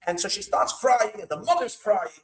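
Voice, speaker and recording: Animated high-voiced rabbi storyteller. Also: male voice, normal speed, roomy sound, rough recording. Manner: animated, repeats words, Yiddish-laced. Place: hall at an evening gathering.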